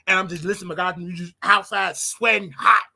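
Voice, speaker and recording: A man hosting a live call-in show, chatting in an animated, slangy way and laughing often. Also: high voice, quick pace, gravelly. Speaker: show host.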